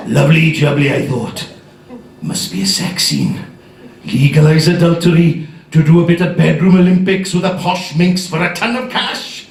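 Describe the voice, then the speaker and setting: A man's voice: fairly high pitch, measured pace, vocal fry. A middle-aged man giving a keynote speech, telling wry, self-mocking comic stories in a large event hall. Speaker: keynote speaker, actor. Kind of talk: comic storytelling monologue. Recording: echoey hall, mic at a distance.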